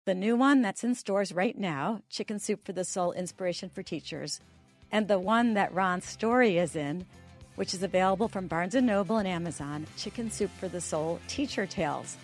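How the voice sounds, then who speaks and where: A woman's voice: medium pitch, moderate pace, soft background music. A woman hosting a podcast, introducing a guest's story and closing the show with upbeat promotional delivery. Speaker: podcast host. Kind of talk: podcast interview.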